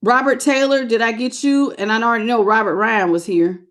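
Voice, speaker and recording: A woman's voice: a little high, fairly even intonation, brisk, a bit bright. Woman tarot reader with a country twang. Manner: chatty, greets viewers with pet names. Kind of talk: live-stream tarot reading.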